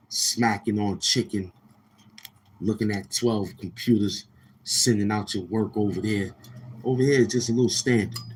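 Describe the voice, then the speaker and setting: A male livestream host with a lowish, breathy-edged voice rants in a loose, casual way. He restarts often and puts on mocking voices for the people he quotes.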